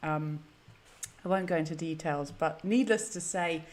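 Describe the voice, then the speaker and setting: A woman's voice: sits low, unhurried, a little mellow. A woman hosting a live stream, chatty, flustered and self-deprecating. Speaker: host. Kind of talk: casual live-stream chat.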